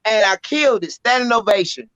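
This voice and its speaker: A Southern woman spins a story in a bright, forceful voice, blunt and animated, with salty language. The audio is dry and dull, like a lo-fi podcast mic close up. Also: mid-range voice, brisk, dry recording. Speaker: spoken word poet, guest. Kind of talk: casual storytelling. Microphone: podcast microphone.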